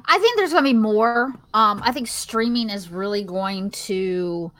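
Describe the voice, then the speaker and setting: A woman with a Southern accent from Virginia, talking casually as an interview guest. Her voice is bright and forward, and she hesitates with frequent fillers. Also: medium pitch, a little slow, dry recording. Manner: chatty, hesitant, many fillers. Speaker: guest, actress.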